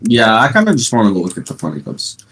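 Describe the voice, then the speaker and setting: Teen male podcast host, lowish voice, rambling, sarcastic, casual chat. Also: huge pitch swings, quick pace, fairly bright tone. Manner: rambling storytelling with playful sarcasm. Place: at home.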